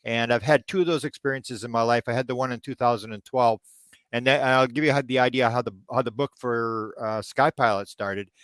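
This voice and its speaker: An older man from Canada, a ufology researcher telling stories in an interview, halting with fillers and then jumping high as he acts out his own disbelief. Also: fairly bright tone, clear, resonant tone, no room sound. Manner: frequent fillers and restarts. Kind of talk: storytelling in a podcast interview.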